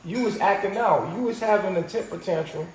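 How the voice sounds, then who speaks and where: A man's voice: high-pitched, fairly quick, a loud crowd. A man talking heatedly and profanely in a casual group conversation, acting out what people said. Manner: animated, profane, retells quotes. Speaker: podcast host. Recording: roomy echo with faint noise.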